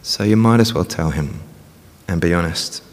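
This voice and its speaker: A deep-voiced man preaches at a normal speed, keeping things conversational and frequently finishing points with a tag question. The sound reverberates at length, as in a large hall.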